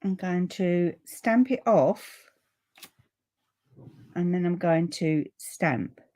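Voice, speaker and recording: Extremely slow and warm, a woman's lower-pitched voice guides a live papercraft stream from an upstairs room in her home. She rambles amiably through asides and reads comments aloud from her viewers.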